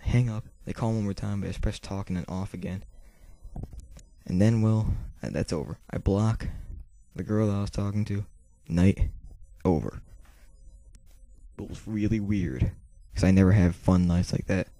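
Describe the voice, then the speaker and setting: A teenage boy telling a rambling story to camera, with lots of fillers, restarts and swearing, his volume swinging between quiet and loud. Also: on the low side, fairly even intonation, normal speed, dry recording. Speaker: vlogger. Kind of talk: casual storytelling monologue.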